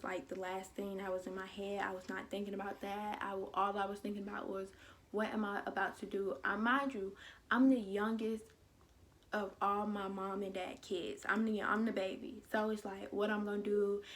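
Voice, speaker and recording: Young woman with a gravelly voice. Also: medium pitch, moderate pace, a little hiss or hum. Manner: animated storytelling, acting out quotes of others. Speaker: vlogger. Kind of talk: casual storytime vlog.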